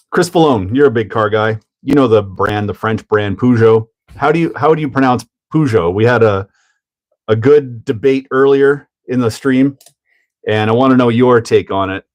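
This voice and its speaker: A man's voice: medium pitch, moderate pace, a little mellow. Chatty man hosting a hobby livestream. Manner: chatty, greets viewers by name, laughs often. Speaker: livestream host. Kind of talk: casual live chat while building a model.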